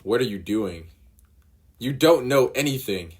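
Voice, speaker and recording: A man's voice: on the low side, lively intonation, normal speed, breathy edge. A man voicing a tearful, desperate young woman who pleads in a raised voice. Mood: angry.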